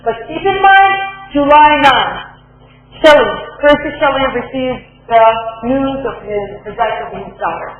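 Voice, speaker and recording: High-voiced woman lecturing in an echoey hall. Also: animated, measured pace, phone-quality sound. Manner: explanatory, repeats points, checks in with students. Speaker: university lecturer. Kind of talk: university literature lecture.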